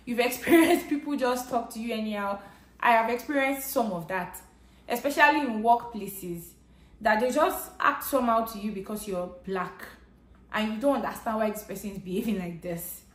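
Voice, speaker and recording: A woman's voice: a little high, moderate pace. A Nigerian woman with a Nigerian English accent, telling a personal story to camera in an earnest, conversational way. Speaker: vlogger. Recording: echoey room.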